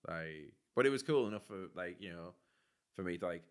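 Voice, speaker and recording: A man's voice: deep voice, animated, fairly quick. A man with a Teesside accent co-hosting a podcast, chatty and upbeat, with many fillers. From Teesside, England. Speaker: podcast co-host. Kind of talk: casual chat.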